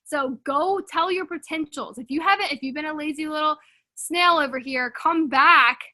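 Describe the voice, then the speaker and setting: A young woman leading a sales team on a video call, giving an energetic, casual pep talk full of fillers and pushy motivation. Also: high-pitched.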